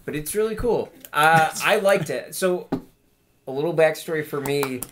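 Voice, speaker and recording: A man's voice: fairly high pitch, lively intonation, normal speed, noisy background. A man in casual chat about video games, rambling with many fillers and frequent laughs.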